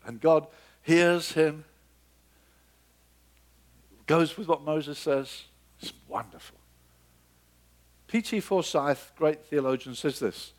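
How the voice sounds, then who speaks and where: A man preaching a sermon, acting out biblical dialogue with sudden leaps in pitch and dropping to a soft, low murmur for emphasis. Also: animated, moderate pace.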